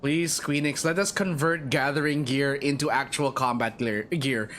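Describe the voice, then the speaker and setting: A man's voice: medium pitch, steady tone, moderate pace, a bit bright, soft background music. A young man streaming a game, chatting playfully and reading its lines aloud. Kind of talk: live game commentary and dialogue reading.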